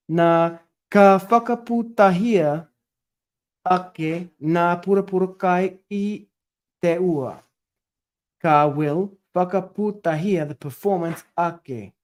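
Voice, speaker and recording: Man, unhurried, tentative, self-correcting, thinking aloud over a translation. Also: fairly high pitch. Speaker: scripture study presenter. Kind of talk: thinking aloud while working through a translation.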